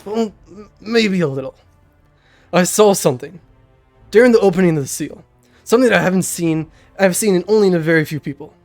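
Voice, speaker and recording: Young man playing secretive old mage in a tabletop game: grave, measured, a bit groggy, voice still sits fairly high. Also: darkish tone, faint music behind. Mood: earnest. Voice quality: slightly lowered, groggy-sounding voice. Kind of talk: game master voicing a character.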